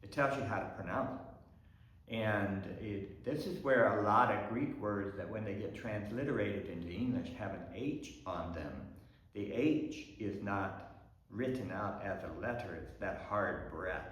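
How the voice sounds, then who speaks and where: A man, a pastor, teaching a Bible study lesson in an explanatory way, pausing with ums and restarting phrases. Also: low voice, fairly bright tone, slight background noise. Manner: explanatory, thinking aloud with frequent ums and restarts. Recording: very echoey room.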